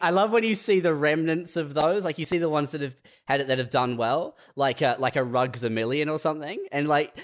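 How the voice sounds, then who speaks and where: A man from New Zealand co-hosting a casual comedy chat, telling animated stories full of swearing and jumpy put-on voices. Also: fairly quick, hardly any pauses. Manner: animated storyteller, swears freely, acts out jumpy high-pitched quoted voices. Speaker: podcast co-host.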